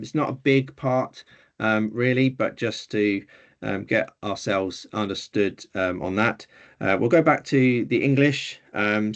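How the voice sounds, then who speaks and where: A Greek teacher runs an informal online class for beginners, explaining things patiently but hesitantly with frequent ums. His voice is on the low side, and the audio is dull.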